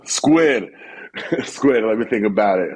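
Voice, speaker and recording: A husky, slightly breathy man in his thirties talks casually on a podcast. He tells stories with energy, swears freely and drops into quick impressions of what other people say. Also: on the low side, poor audio. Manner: animated storyteller, swears freely, quotes people in funny voices. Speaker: podcast guest, cooking content creator.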